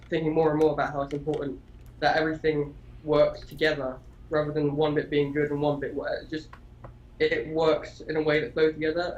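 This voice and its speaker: A man with a somewhat high voice talks casually about video games on a podcast. He rambles, restarts his sentences and swears in passing. His mic sounds dull and lo-fi. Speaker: podcast co-host. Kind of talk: casual gaming chat.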